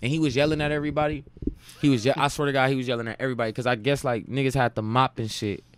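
Profane, animated young man telling stories. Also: mid-range voice, rapid-fire, smooth, no echo. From Cleveland, Ohio. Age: late 20s. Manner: profane, animated anecdote-telling with frequent laughs. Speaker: podcast guest, musician. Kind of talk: casual storytelling chat.

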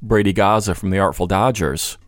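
A man's voice: low voice, a little fast, no echo, studio quality. A man in casual podcast conversation, talking in a rambling way with many restarts and "you know" fillers.

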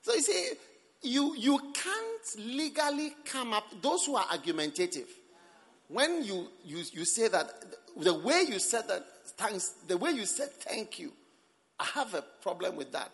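A male preacher delivering a sermon at a church service, emphatic, with sudden swings between loud and soft. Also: high-pitched, sing-song, a little slow, big-room sound.

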